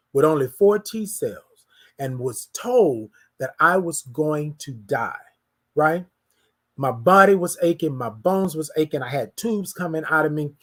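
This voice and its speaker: A host giving an inspirational morning talk, speaking emphatically to listeners, repeating phrases and using casual slang. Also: mid-range voice. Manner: emphatic, repetitive, preacherly, talks to listeners directly.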